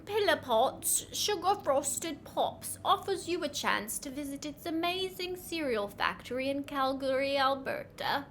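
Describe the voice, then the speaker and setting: A woman's voice: animated, a bit bright, a little hiss or hum. A woman reading cereal-box text aloud as a peppy, over-the-top announcer with a put-on accent. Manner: slow, sing-song, over-the-top sales pitch.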